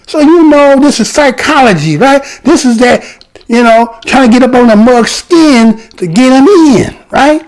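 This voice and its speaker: A man's voice: very high-pitched, lively intonation, a little slow, darkish tone, rough recording. A man giving casual history commentary, talking conversationally and often checking in with listeners through rhetorical questions.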